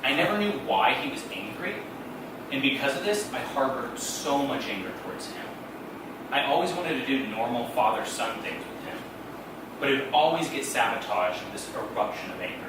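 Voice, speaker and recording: A man telling comic personal stories on stage with a wry, deadpan delivery. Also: mid-range voice, normal speed, background noise. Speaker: storyteller. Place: theater stage. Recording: echoey room, distant mic, loud background.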